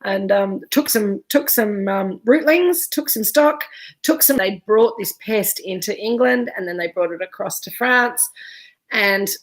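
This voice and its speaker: A woman's voice: mid-range voice, unhurried. A woman hosting a live virtual wine tasting over a video call, talking in a chatty, digressive way and often losing her thread. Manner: chatty, digressive, easily sidetracked. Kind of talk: casual live-streamed presentation.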